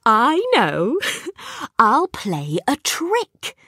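A woman reading aloud and voicing a mischievous young boy who grumbles and yells for help. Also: sits high, very animated, very slow, no room sound, studio quality, voice pushed up, heavily acted. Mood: grumbling. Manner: whiny, grumbling, shouts for help.

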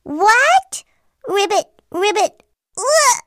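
A tiny, timid boy frog from a children's storybook who keeps pleading to go home, played by a woman. His voice is high and bouncy with lots of rise and fall, and he speaks slowly. The recording is dry and close. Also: expressive, a bit bright, dry recording, full character voice. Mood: alarmed. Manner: whiny, pleading. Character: small timid young male frog, eager to get home. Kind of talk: storybook acting.

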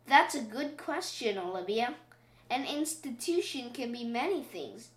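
A woman voicing a patient schoolteacher in a storybook reading, calm and explanatory. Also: on the high side, measured pace. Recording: roomy echo.

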